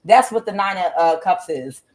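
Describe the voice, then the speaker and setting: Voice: medium pitch, animated, normal speed. Rambling tarot reader, full of fillers. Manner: rambling, filler-heavy, blunt. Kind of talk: casual tarot reading.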